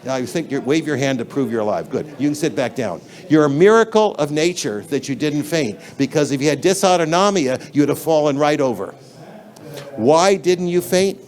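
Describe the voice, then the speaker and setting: A man's voice: a little high, a little mellow. A man giving a conference lecture in a lecture hall, talking in an emphatic, blunt and conversational way, addressing the audience directly.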